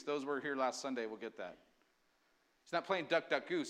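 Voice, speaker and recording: A man preaching a sermon as pastor, energetic and often asking the congregation questions. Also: medium pitch, moderate pace, long pauses.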